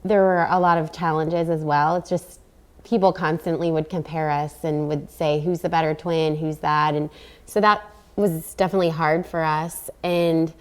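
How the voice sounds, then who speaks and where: A woman's voice: low-pitched, steady tone, normal speed. A woman in her thirties, an athlete, speaking steadily and reflectively as an interview guest. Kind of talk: casual interview talk.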